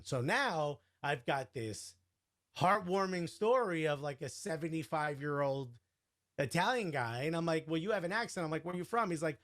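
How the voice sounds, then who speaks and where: A man guest telling an animated, casual story, full of "like" and "you know", acting out the quoted dialogue. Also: a little high, a little fast. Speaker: podcast guest.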